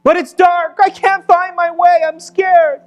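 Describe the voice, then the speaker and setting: A preacher voicing a frightened five-year-old boy who pleads high and loud for his father. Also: little pitch movement, very fast, lo-fi sound, faint music behind. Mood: scared, pleading. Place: church sanctuary.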